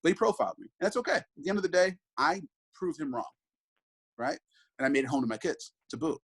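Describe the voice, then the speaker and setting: A man in his thirties, a father, talks earnestly and reflectively in a conversational interview, often restarting and going off on asides. His voice is a little high, husky and expressive, and he speaks at a quick pace, though the audio is poor.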